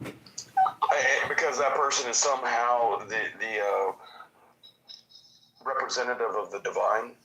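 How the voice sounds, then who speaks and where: A man's voice: medium pitch, steady tone, a little slow, pauses often, bright, forceful tone, a little hiss or hum, poor audio. A man chatting casually as a guest, laid-back and profane. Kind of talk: casual chat.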